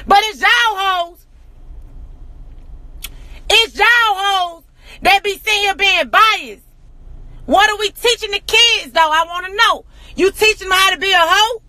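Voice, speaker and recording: A woman in an angry, profane rant to camera, hammering rhetorical questions and often shouting. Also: extremely high pitch, no echo. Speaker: social media personality.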